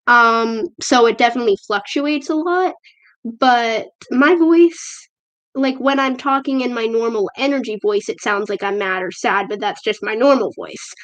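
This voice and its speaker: A slightly high female voice in loose, unscripted chat, reading out viewer comments and running herself down. She fills her talk with "like" and "I don't know". The sound comes from a tablet's built-in microphone at home. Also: normal speed, a bit bright. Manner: chatty and self-deprecating, with frequent fillers. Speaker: livestream host. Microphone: tablet camera microphone.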